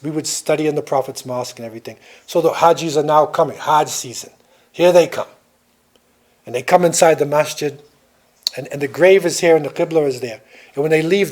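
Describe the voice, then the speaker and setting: An older man lecturing to a class in a loose, storytelling way. His voice sits a little high for a man, and he keeps checking in with his listeners as he talks. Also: darkish tone.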